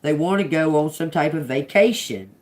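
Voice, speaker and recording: This tarot reader speaks in a deep, darkish voice at a moderate pace, with slight background noise behind her. During her live-streamed reading she muses aloud on individual words before breaking off into laughing, foul-mouthed chatter.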